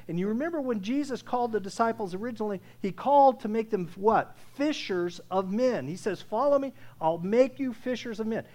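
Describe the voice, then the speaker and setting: Male pastor, high voice, sermon delivery that shifts from hushed to loud, asks the room questions. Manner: swings from hushed, slow lines to loud preaching, asks the congregation questions.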